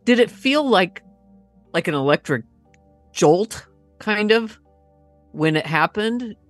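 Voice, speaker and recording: A woman's voice: mid-range voice, expressive, slow, no echo, faint music behind. A woman co-hosting a ghost story show, asking the guest curious questions. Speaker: co-host. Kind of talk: casual chat.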